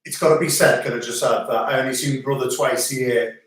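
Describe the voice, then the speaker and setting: A man's voice: mid-range voice, fairly even intonation, fast, recorded from a distance. A middle-aged man, joining his brother's livestream and chatting in an easygoing, jokey way. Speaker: host's visiting brother. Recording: echoey room, away from the mic.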